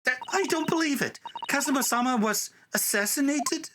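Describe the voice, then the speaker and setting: A man voicing a polite, earnest young woman assistant in a game read-through, in a gentle, excitable falsetto. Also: normal speed, background noise. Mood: alarmed. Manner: gentle, excitable, high-pitched. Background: game music.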